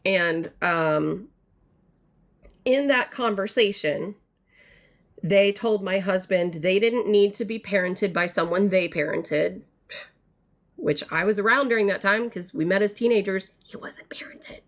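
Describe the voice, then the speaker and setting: A woman's voice: medium pitch, measured pace, long pauses. Woman, thirties, indignant, rambling, frustrated, livestream mic. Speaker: mother telling a family story. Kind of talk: casual storytelling to viewers. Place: home art studio.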